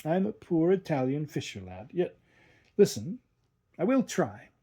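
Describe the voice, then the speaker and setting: A man reading aloud and voicing a young Italian fisher lad who speaks gravely and haltingly. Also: fairly high pitch, very animated, warm tone, heavily acted.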